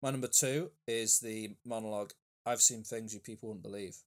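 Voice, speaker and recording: Blunt, opinionated man with a lowish voice. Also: steady tone, brisk. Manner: blunt, opinionated, with fillers and restarts. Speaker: podcast co-host. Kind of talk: casual chat.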